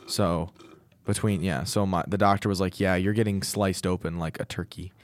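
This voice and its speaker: A man's voice: deep voice, fairly even intonation, moderate pace. A young man co-hosting a podcast, telling a long personal story in casual chat with restarts. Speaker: podcast co-host.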